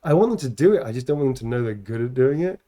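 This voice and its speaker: A man's voice: medium pitch, animated, rapid-fire, mellow. Rambling, joking man co-hosting a stream. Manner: rambling, joking, swears casually. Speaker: streamer co-host. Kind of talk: casual live-stream chat.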